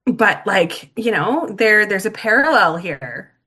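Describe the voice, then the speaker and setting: A Canadian woman guesting on a podcast, telling animated stories with lots of "like" and "um" fillers. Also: medium pitch, takes it slowly, breathy edge. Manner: animated storytelling, heavy use of "like". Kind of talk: casual interview chat.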